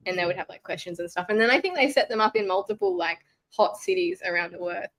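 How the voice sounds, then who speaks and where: A woman's voice: on the low side, big pitch swings, quick pace, a bit bright. A woman co-hosting a casual podcast, chatty and full of "like", her voice a little sick. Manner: chatty, lots of "like". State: slightly sick voice. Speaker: podcast co-host. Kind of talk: casual chat.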